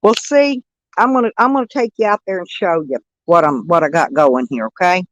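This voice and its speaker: A woman's voice: fairly low pitch, brisk, no room sound. A woman chatting casually on a live stream, rambling and greeting viewers by name. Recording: dull dry lo-fi sound.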